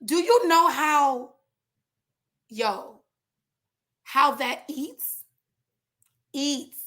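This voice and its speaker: A woman who works as a trichologist, giving casual, animated business advice to other trichologists, with lots of slang, asides and jokes. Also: high voice, drawn-out words. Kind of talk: casual educational talk.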